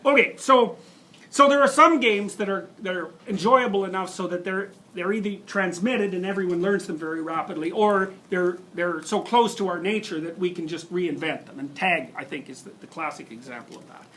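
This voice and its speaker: A man in his fifties giving a university lecture to students, animated, laughing often and restarting sentences as he digresses. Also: high-pitched, normal speed, slight background noise. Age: 50s.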